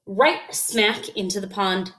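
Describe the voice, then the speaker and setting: A woman's voice: mid-range voice, slow, fairly bright tone. A woman reading a children's picture book aloud, expressively, with sound effects. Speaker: storyteller.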